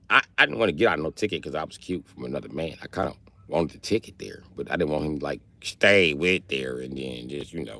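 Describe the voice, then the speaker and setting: A man's voice: very deep voice, bright, forceful tone, dry recording. A young man from Wisconsin, a livestreamer telling a rambling, profane comic story with lots of energy.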